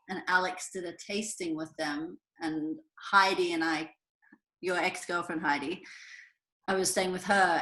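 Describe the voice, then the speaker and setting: A woman's voice: on the low side, a bit bright. A woman in her thirties with an Australian accent, chatting as a guest on a video call, telling stories with frequent laughs. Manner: chatty storyteller, laughs often, trails off. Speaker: guest winemaker. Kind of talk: casual chat on a video call. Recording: echoey room over a video call.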